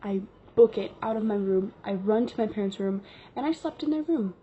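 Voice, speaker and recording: A woman's voice: medium pitch, animated, fairly quick, slight background noise. A woman telling a casual story-time vlog tale, chatty and full of fillers. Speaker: vlogger. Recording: dull lo-fi recording.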